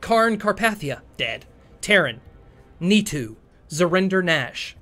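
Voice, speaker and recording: A man's voice: sits high, big pitch swings, takes it slowly, pushed and bright. A man acting as game master, tallying rolls aloud and narrating events in a tabletop game. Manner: tallies dice rolls aloud.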